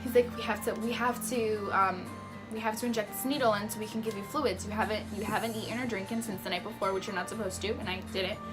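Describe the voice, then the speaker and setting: A young woman telling a personal story in a casual vlog, acting out the voices of the people in it, laughing often and dropping to a hush at tense moments. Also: mid-range voice, fast talker, over music. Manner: animated, acts out the voices in her story. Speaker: patient telling her surgery story.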